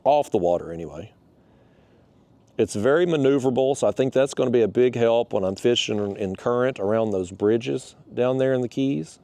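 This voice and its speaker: A man's voice: medium pitch, normal speed, mellow, dry recording. A man talking casually while fishing from a kayak outdoors, rambling and a bit out of breath. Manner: rambling, restarts, folksy phrasing. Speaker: fishing vlogger.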